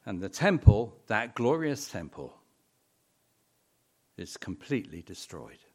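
A middle-aged man delivers a sermon at an unhurried pace. His pitch rises and falls freely as he leans on repeated words for emphasis. Now and then a wry, dry humor slips into his storytelling. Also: sing-song. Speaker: preacher.

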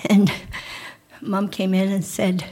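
A middle-aged woman pastor preaches a sermon at a slow, unhurried pace. Her voice is husky and mellow, and it sinks almost to a whisper on key lines. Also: medium pitch, flat delivery.

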